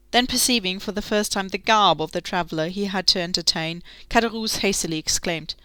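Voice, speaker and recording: A woman narrating a classic novel as an audiobook, steady and clearly enunciated. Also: mid-range voice, a little fast, hardly any pauses, no echo.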